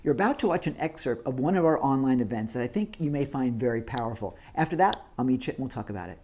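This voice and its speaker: Energetic male host, enthusiastic pitch-man delivery, online show over video call. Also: quick pace, hardly any pauses. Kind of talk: upbeat show hosting.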